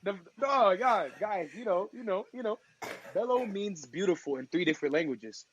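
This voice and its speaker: A man from Togo, a podcast guest and DJ, telling stories in casual chat with slangy, lively talk. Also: high voice, normal speed, muffled recording. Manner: lively, acts out quoted voices, slangy.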